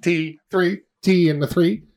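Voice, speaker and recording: A man's voice: high voice, steady tone, a little slow, a little mellow. A man co-hosting a casual wine-tasting podcast, talking loosely, swearing and laughing with friends. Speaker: podcast co-host. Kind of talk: casual chat.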